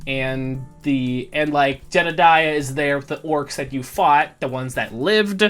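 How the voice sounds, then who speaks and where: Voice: mid-range voice, a little slow, faint music behind. A game master narrating a tabletop game casually, rambling with lots of fillers. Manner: rambling, filler-heavy, laid-back.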